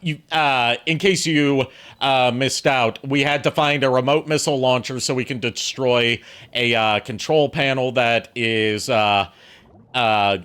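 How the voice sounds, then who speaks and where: A man hosting a game stream, chatting playfully and pausing with fillers as he explains the game. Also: medium pitch, fairly bright tone, smooth. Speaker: streamer host. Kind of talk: casual gameplay chat.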